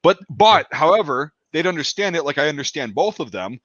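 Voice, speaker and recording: A man's voice: on the high side, big pitch swings, fairly quick, a bit bright, no room sound. A man chatting casually on a podcast call, rambling, with frequent restarts. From Wisconsin. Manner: rambling, quotes others in put-on voices. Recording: dull dry lo-fi call audio.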